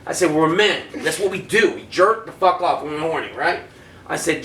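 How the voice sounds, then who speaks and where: A man, a former prisoner and podcast guest, telling stories casually, swearing often and loudly acting out the voices he quotes. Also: a little high, a little fast, slight background noise. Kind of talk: casual storytelling. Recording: roomy, distant mic, faint ambience.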